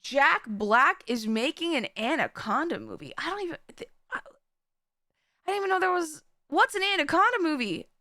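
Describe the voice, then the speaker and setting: A woman's voice: high-pitched, very animated, normal speed, sharp tone, dry recording, studio quality. A woman streamer chatting casually with her viewers, rambling, giggling and stumbling over restarts. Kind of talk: casual live-stream chat.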